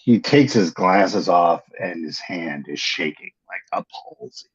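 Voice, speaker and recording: A slow, deep-voiced man runs a tabletop game, hesitant and halting as he narrates. His voice is husky. It comes through a dull, lo-fi recording. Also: big pitch swings. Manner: hesitant, lots of ums and restarts. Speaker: game master.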